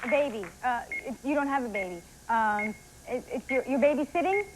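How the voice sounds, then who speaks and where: Woman, game show contestant, very high voice, rapid excited guessing, noisy tape.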